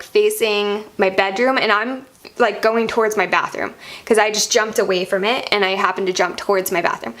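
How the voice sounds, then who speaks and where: A young adult woman vlogger telling a storytime monologue in an animated way, full of "like" fillers. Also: mid-range voice. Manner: animated, heavy use of "like" fillers.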